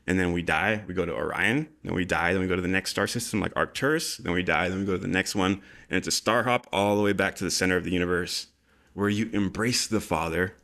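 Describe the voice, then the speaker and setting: A man with a very deep, low voice, chatting loosely on a livestream. He sounds excitable and casual and drops curse words as he riffs. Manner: loose, excitable, swears freely. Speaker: podcast co-host.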